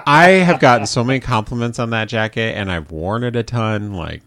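A man co-hosting a radio show, easygoing and quick to laugh. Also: mid-range voice, a bit bright, no echo. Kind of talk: casual radio chat.

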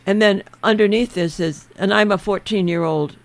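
An actor speaking in an interview with halting restarts. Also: mid-range voice. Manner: slow, halting talk with restarts. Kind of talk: interview chat.

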